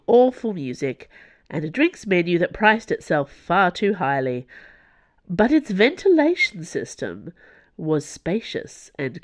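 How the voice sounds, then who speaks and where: A narrator reading an audiobook in an even, close storytelling voice, with quiet, lowered asides. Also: no echo.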